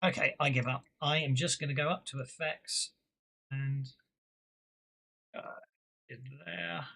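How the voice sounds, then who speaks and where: A game master running an online tabletop game, chatting with fillers and muttering while fixing the software. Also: mid-range voice, steady tone, a little slow, gravelly.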